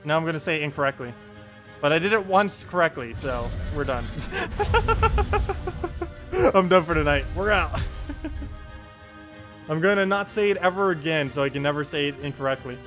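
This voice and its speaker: A man's voice: on the high side, lively intonation, normal speed, long pauses, a bit bright. A man streaming a game live, chatting casually and playfully, often breaking into laughter. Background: game music.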